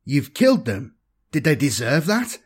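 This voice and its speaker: A man's voice: on the high side, sing-song, moderate pace, breathy edge, pitched above the performer's own voice. A man voicing a nervous young male space navigator who talks in a quivering, insistent voice, in a science-fiction audiobook.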